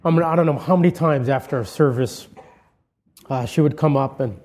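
A male pastor giving a funeral eulogy sermon in a church, telling stories in a conversational way with gentle humor and frequent restarts. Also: a little high, fairly quick. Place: church sanctuary.

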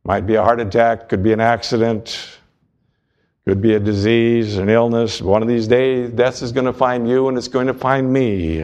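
A man's voice: mid-range voice, darkish tone. A man preaching a sermon, earnest and storytelling, driving points home through repetition.

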